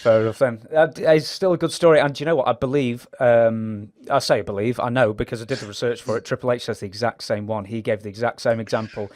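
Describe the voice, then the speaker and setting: A man's voice: medium pitch, steady tone, quick pace, hardly any pauses, darkish tone, no room sound, studio quality. A man hosting an interview, asking questions and chatting eagerly. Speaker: interview host. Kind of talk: casual interview.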